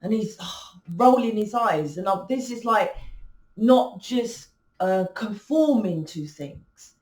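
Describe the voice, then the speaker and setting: A woman's voice: medium pitch, expressive, takes it slowly, a little mellow, roomy sound. A woman hosting a spiritual channel, talking casually and rambling with many restarts and fillers. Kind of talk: casual spiritual talk to camera.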